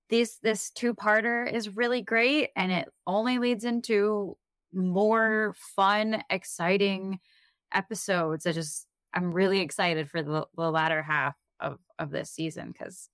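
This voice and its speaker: A woman's voice: medium pitch, a bit bright, no room sound, clean studio sound. Upbeat young woman co-hosting a podcast. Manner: enthusiastic, agreeable, wraps up the show. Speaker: podcast co-host. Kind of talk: casual rewatch podcast chat.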